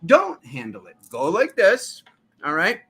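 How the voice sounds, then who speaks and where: Fervent, bright-voiced male tarot streamer. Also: high-pitched, huge pitch swings, measured pace, gravelly, breathy edge. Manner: fervent, preachy, addresses viewers as family; riled up, urgent. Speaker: tarot reader and channel host. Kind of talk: live-streamed tarot reading and rant.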